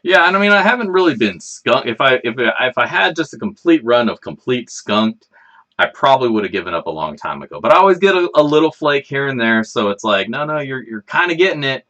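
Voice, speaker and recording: A man's voice: mid-range voice, big pitch swings, a little fast, sharp tone. A man hosting a casual livestream, chatting in a rambling, laid-back way and swearing freely. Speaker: livestream host.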